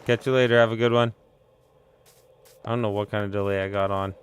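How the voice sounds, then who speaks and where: A man's voice: lowish voice, little pitch movement, a little fast, clear, resonant tone. A young man, chatting casually on a live stream and rambling through a story in an easygoing way. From Canada.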